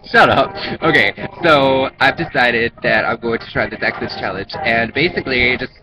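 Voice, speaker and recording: A man's voice: mid-range voice, unhurried, low-quality recording. A young man chatting casually to a vlog camera in a rambling, self-conscious way. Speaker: YouTuber. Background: music playing in the background.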